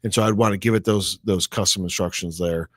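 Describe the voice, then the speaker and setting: A chatty man talks through software tips in a casual tech discussion, his voice sitting somewhat low. He thinks aloud and keeps checking in with "right?". The recording is dry and close, with no room sound. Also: steady tone, fairly quick, no echo. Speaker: co-host.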